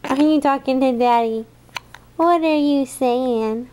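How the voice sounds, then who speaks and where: A mother using baby talk with her infant, cooing and affectionate. Her voice is high, and she speaks very slowly and gently.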